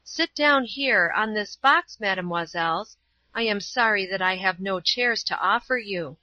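A woman reading a storybook, voicing a poor, lonely old woman who speaks softly and humbly. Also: mid-range voice, a little slow, dry recording, lo-fi sound. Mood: sad, humble.

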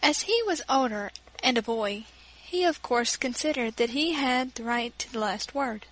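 A woman reading an old-fashioned children's story aloud, in a measured, gentle way. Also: on the high side, animated, rough recording. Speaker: reader.

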